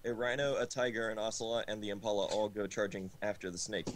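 A man streamer reading a story aloud in a deadpan comic way, tripping on words now and then. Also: fairly low pitch, fast talker, slight background noise. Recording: loud game music behind. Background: game music.

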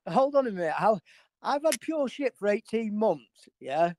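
A woman's voice: mid-range voice, sing-song, moderate pace, a little mellow, a little hiss or hum. Defensive, swearing woman on a panel. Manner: defensive, cursing, keeps interrupting to answer. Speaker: livestream panelist. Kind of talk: heated argument on a live panel.

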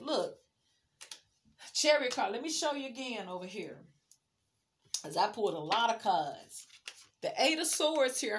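A woman's voice: high voice, fairly bright tone, a little hiss or hum. A woman giving a casual tarot reading, chatty and emphatic, speaking straight to the viewer. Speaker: tarot card reader.

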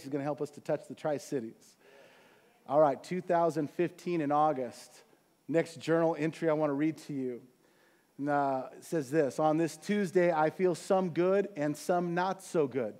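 High-voiced preaching pastor. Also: male voice. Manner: conversational, animated preaching with asides to the congregation. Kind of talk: sermon.

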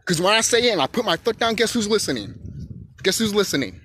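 A man ranting on his own channel in a loose, profane monologue. His voice keeps swinging into emphatic shouting. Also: high voice, very animated, quick pace, a little hiss or hum. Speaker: YouTube channel host.

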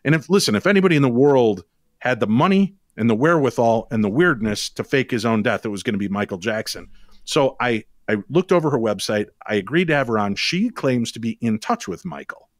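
Guy telling wild stories on a podcast, quick and animated, pitch jumps up a lot, dry close mic. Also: no echo. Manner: animated, quick storytelling with sudden rises in pitch. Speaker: guest, paranormal radio show host. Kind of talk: storytelling in a podcast interview.

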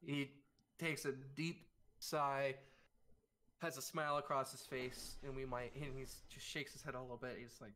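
A man's voice: medium pitch, level tone, sharp tone, a little hiss or hum. A man narrating a live tabletop game as game master, with many fillers and restarts. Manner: halting, frequent fillers and restarts. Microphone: streaming mic.

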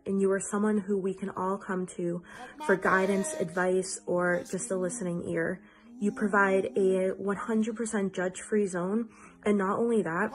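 A woman giving an earnest, emotional get-well message to a friend, repeating herself for emphasis. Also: mid-range voice.

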